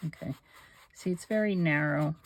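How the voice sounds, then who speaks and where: Working on a craft project for her channel, an older woman chats casually and talks to herself in a rambling way. She speaks at a normal speed in a low voice, with no room sound in the recording.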